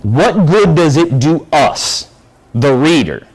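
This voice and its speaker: A man's voice: on the high side, takes it slowly, husky, poor audio. Guy teaching a class, voice goes up and down a lot, keeps asking the room stuff. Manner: lively, asks the class questions. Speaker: high school English teacher.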